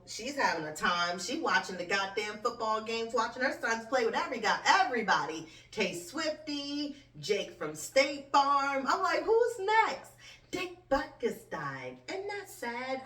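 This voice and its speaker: A woman hosting her own show, ranting bluntly and swearing with sharp swings in tone. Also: medium pitch. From United States. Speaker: host. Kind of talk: profane comedic rant. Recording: roomy echo, distant from mic.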